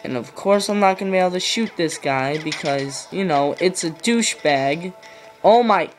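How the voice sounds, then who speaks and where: A woman playing a platform game and yelling frustrated complaints and curses at it. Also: fairly low pitch, animated, normal speed, faint music behind. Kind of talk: rage gameplay commentary.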